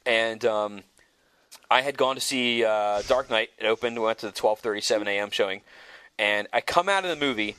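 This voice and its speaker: A young man, a podcast host, telling a story in casual chat and getting animated as it goes. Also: fairly low pitch, normal speed, clear, resonant tone, dry recording. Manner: animated, rising to shouts when retelling.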